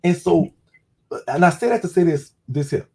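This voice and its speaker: A man's voice: on the high side, lively intonation, normal speed, mellow, breathy edge. A man with a Louisiana accent hosting a casual call-in talk, telling a personal story loosely, with many restarts and blunt cursing. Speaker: host.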